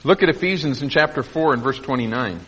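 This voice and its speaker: A middle-aged man preaching a sermon in a folksy, earnest way, laughing softly at his own asides. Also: medium pitch, lively intonation, fast, husky. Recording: muffled echoey church recording.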